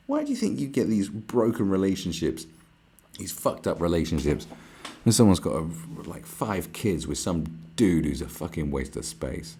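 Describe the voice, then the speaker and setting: Man, podcast rant, very deep voice, husky gravel, swearing, swinging pitch. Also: a little slow. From United Kingdom. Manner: profane, animated, mocking voices. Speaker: podcast host. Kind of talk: ranting monologue.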